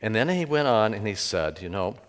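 A middle-aged male pastor preaching a sermon in a church, telling stories with sudden loud emphases. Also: fairly low pitch, sing-song, brisk. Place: church sanctuary. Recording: echoey church hall with long reverb.

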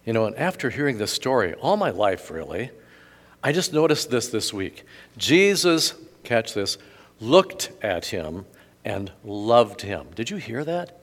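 A male pastor preaching a sermon in a church, telling stories conversationally with asides and animated emphasis. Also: mid-range voice, normal speed. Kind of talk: sermon with gospel reading. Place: church sanctuary. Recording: long reverb of a large hall.

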